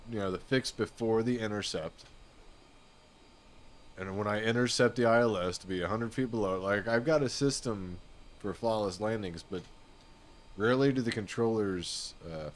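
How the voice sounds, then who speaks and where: Laid-back lower-voiced male streamer. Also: normal speed. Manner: laid-back, rambling, says "dude" and "you know what I mean". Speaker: flight sim streamer. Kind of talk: casual live-stream chat.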